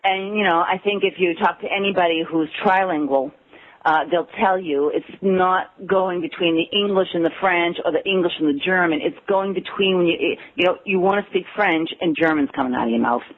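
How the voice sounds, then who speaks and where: A woman's voice: fairly low pitch, moderate pace. An American woman talking as an interview guest, telling stories and acting out quotes with a laugh. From United States. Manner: animated storyteller who acts out quotes and laughs. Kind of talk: casual interview conversation. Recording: tinny phone line.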